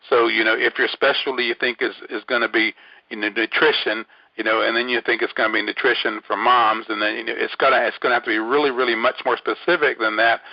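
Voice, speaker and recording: A man's voice: medium pitch, no room sound. A man hosting an online training webinar, talking casually and rambling with many fillers and restarts. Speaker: webinar host. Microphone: phone line. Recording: dull lo-fi dry audio.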